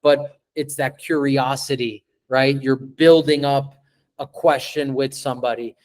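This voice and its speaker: A man running a live sales training on a video call, animated, stretching and repeating words as he acts out pitches to a client. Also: a little slow.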